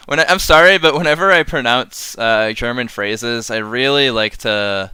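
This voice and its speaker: A man's voice: mid-range voice, moderate pace, few pauses, bright, forceful tone, clean tone, no echo. A man casually reviewing game cards on a live stream, rambling and chuckling as he chats with viewers.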